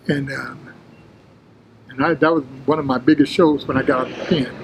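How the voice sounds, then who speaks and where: An older man, a former bodybuilder, telling his story in a casual interview, animated and full of street slang, acting out the quotes. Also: medium pitch, a little fast, slight background noise, low-quality recording.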